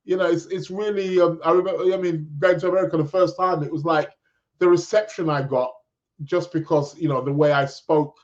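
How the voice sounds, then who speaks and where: A man's voice: a little high, steady tone, fairly quick. A man from England with a British accent, hosting a podcast in a casual, rambling live chat full of restarts. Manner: rambling, many restarts, chatty. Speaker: podcast host. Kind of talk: casual live-stream chat reading comments. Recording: dull lo-fi sound.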